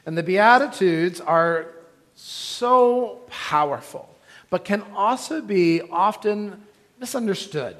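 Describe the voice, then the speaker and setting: A man's voice: sits high, lively intonation, slow pace, a bit bright, big-room sound. A male pastor preaching a conversational sermon, earnest, with asides to his congregation.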